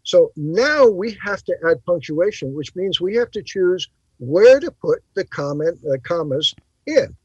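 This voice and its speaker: A man hosting a bible talk show, explaining in a teacherly way and pausing to stress his points. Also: high voice, expressive, husky, no echo, highs cut off. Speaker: podcast host.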